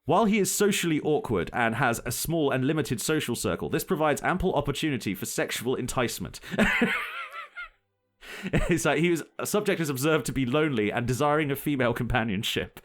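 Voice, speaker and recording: A man's voice: mid-range voice, lively intonation, brisk. A young man co-hosting a casual podcast, talking through a story and often breaking into laughter. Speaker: podcast co-host.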